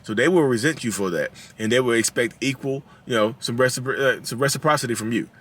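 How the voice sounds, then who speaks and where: A man in his thirties with a Southern drawl hosts his own channel, chatting casually to viewers in talking-head commentary. He acts out quotes in a raised voice and laughs at his own jokes. His medium-pitched voice is fast, a bit bright, and husky.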